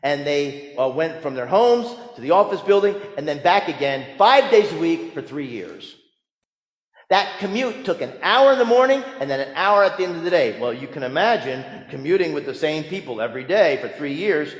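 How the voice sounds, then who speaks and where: A man, a pastor, preaching a sermon in a storytelling way, moving between hushed asides and emphatic lines. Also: on the high side, very animated, moderate pace, echoey room, in a large hall.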